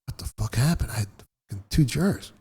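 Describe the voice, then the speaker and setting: A middle-aged man telling a personal story in a blunt, profane, animated way, as a guest in a casual interview. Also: medium pitch, quick pace, husky.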